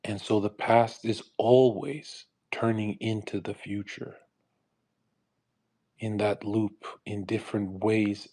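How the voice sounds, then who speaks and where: Crude, lecturing young man, low voice. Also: darkish tone. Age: young adult. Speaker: speaker on a live audio call. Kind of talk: unscripted preachy monologue. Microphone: online voice call.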